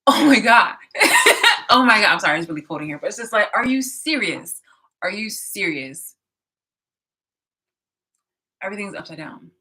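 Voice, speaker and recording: Bright-voiced woman ranting. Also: medium pitch, big pitch swings, moderate pace, long pauses, slightly rough. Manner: profane, exasperated, laughing often. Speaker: vlogger. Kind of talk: casual reaction rant. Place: indoor room.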